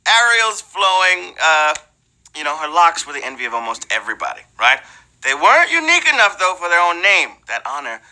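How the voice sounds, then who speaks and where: Man, game show host, bright and sharp tone, bouncy swooping pitch, playful banter. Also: huge pitch swings, a little fast. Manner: playful, hyped, banters and calls viewers "babies"; breaks into snatches of song. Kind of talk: live trivia game show hosting.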